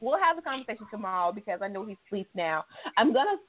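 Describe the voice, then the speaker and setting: A woman's voice: medium pitch, big pitch swings, fast, no room sound. A woman co-hosting a casual talk show, laughing often and talking over the others. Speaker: co-host. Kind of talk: casual chat. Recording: tinny phone-like sound.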